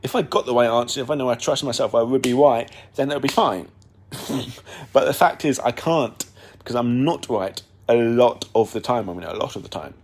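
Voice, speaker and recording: Speaking at a moderate pace in a medium-pitched voice, a young man hosts his own podcast, delivering a casual, rambling monologue full of fillers and restarts.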